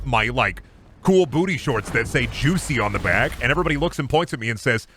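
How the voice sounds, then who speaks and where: Goofy, crude male streamer with a lively voice. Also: mid-range voice, normal speed, slight background noise. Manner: crude, goofy, rambling humor; trash-talks opponents. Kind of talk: casual gaming stream commentary.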